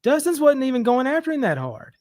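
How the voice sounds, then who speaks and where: A man's voice: very high voice, huge pitch swings, fairly quick, a little mellow, no room sound, studio quality. A man calling in to a show and ranting heatedly, swearing freely. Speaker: caller. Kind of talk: casual call-in rant.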